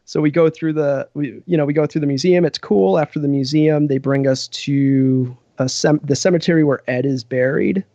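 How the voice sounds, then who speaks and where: A man's voice: on the high side, steady tone, moderate pace, hardly any pauses, dark tone, no echo, lo-fi sound. A man from Western Massachusetts, a podcast guest, telling a rambling casual story full of "like" and "you know".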